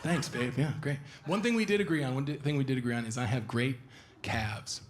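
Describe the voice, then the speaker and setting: A man's voice: mid-range voice, sing-song, fast. A young man doing a stand-up set on a small club stage, with chatty, self-deprecating storytelling into a handheld mic. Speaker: stand-up comedian. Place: small comedy club stage, live audience. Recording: live club recording with audience noise.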